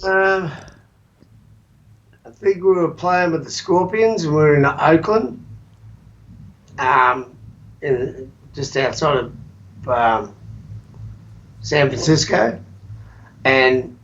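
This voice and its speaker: Slow-talking Australian man on dull audio. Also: on the high side, fairly bright tone. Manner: slow, halting storyteller with many ums. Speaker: guest musician. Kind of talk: casual chat.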